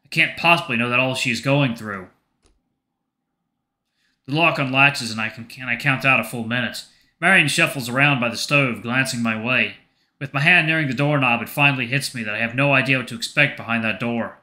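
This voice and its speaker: A man hosting a gaming channel, reading a story game aloud in steady narration. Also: mid-range voice, a little fast. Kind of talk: reading a visual novel aloud.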